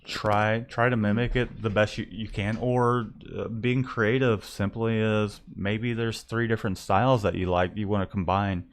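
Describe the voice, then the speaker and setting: A man's voice: lowish voice, fairly even intonation, moderate pace, few pauses, a little hiss or hum. A young man co-hosting a casual live stream about his print shop, often stumbling and repeating words as he starts a thought. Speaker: co-host of a live business show.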